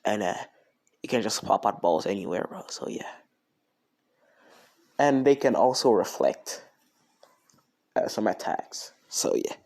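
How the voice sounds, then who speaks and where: Rambling, gravelly-voiced guy telling a fan story. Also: lowish voice, expressive, measured pace, pauses often, darkish tone. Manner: rambling, heavy with fillers and slang. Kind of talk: casual improvised retelling of a fan story.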